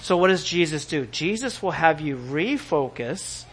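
A man preaching a sermon as pastor, in an animated way, asking the congregation questions and acting out the voices of the people he quotes. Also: fairly high pitch, measured pace, breathy edge.

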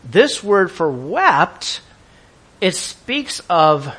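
A man preaching a sermon with energy, swinging between loud emphasis and quiet asides and asking his congregation questions. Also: sits high, big pitch swings, very slow, slightly rough. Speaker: pastor.

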